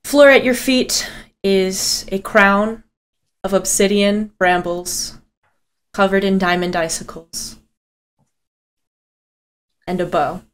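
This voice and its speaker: A woman game master narrating a tabletop game with intensity, swearing freely and dropping low for solemn moments. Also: steady tone, takes it slowly, pauses often.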